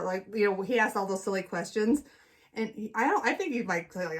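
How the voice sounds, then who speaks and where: A middle-aged woman co-hosting a casual chat tells a story, animatedly acting out lots of voices. Her voice is mid-range and she talks fast.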